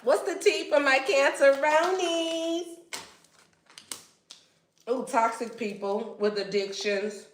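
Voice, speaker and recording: A woman's voice: sits high, slow, pauses often, a little hiss or hum. A woman giving a casual tarot reading in a blunt, slangy way and swearing freely. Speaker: tarot reader. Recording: echoey room.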